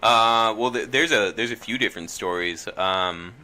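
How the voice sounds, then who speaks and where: A man's voice: on the low side, normal speed, bright, forceful tone, a little hiss or hum. A young man telling a story in a casual podcast chat, hesitant with many ums and restarts.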